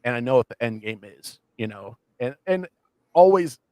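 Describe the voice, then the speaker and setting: A man co-hosting a casual podcast, rambling with many restarts as he excitedly retells scenes. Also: medium pitch, normal speed, dry recording. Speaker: podcast co-host. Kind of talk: casual chat.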